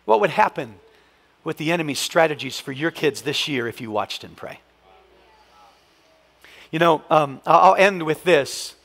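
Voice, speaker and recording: High-voiced pastor preaching in reverb. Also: male voice, normal speed, long pauses. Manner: animated storytelling preaching with call-and-response. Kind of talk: sermon. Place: church sanctuary.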